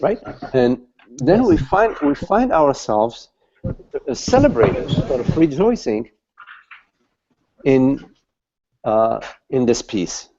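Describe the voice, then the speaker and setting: Casting: man, spiritual teacher, gravelly dark voice, slow and halting, lo-fi call audio. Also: medium pitch, very animated, a little hiss or hum. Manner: slow, halting, repeats words while searching for them. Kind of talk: satsang talk.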